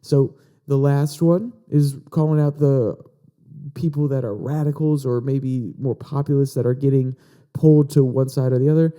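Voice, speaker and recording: A male podcast host with an extremely dark, mellow voice that sits at a middle pitch. He talks through political articles in a loose, conversational way and reads quotes aloud as he goes. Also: steady tone, moderate pace. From Virginia, USA. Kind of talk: casual political commentary.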